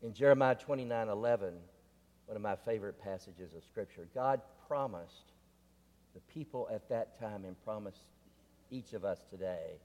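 A man preaching a sermon, telling stories and repeating questions in a deliberate way. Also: on the low side, darkish tone, highs cut off. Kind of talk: sermon with storytelling. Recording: long reverb of a large room.

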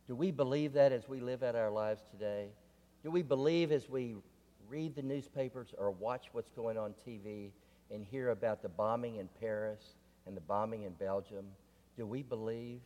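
Slow, deliberate male preacher. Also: fairly low pitch, dark tone. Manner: deliberate, repetitive questioning. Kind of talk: sermon with storytelling. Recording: long reverb of a large room.

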